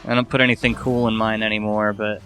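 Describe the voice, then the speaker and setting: A man's voice: lowish voice, level tone, quick pace, pushed and bright, soft background music. A man co-hosting a let's play, chatting casually in a laid-back way with wry, dry remarks. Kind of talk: casual gaming commentary.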